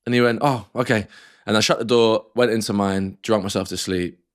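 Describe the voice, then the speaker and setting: A low-pitched man tells a long, loose story on a casual podcast. He swears freely, backtracks and acts out other people's lines as he goes. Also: fairly even intonation, a little fast, smooth. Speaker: podcast co-host.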